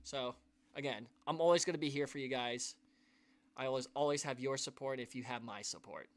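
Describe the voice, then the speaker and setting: A YouTube channel host with a mid-range voice talks a little fast to his live-stream viewers. He's earnest and emotional, rambling along with frequent restarts and sighs.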